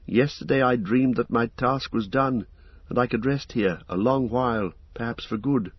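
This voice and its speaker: Storybook role: man voicing a downcast young hobbit, wistful and a bit higher, husky, dull recording. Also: normal speed, no echo, lightly acted.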